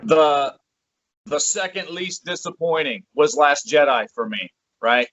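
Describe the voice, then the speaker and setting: A man on a podcast panel speaking in a hesitant, measured way. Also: fairly high pitch, animated, a bit bright, no room sound, lo-fi sound. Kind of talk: casual podcast discussion.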